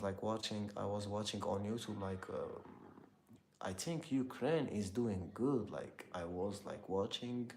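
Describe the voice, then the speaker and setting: A young man with an Algerian accent talks casually to his live chat, stopping often to hunt for the right word. His voice sits low and carries a rough, creaky fry. A faint hum of noise sits under the recording. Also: a little mellow. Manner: halting, searching for words, heavy use of "like" and "you know". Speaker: live streamer answering chat.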